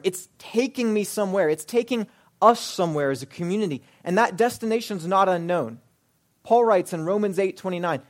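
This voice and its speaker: A young adult man preaching a sermon as pastor, emphatic and full of rhetorical questions, swinging between loud pushes and hushed asides. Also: sits high.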